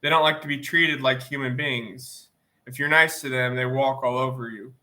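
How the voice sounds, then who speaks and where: A man's voice: medium pitch, fairly even intonation, moderate pace, sharp tone. A man reading out the smug, coarse advice of a swaggering young man, with a sniffly nose from allergies.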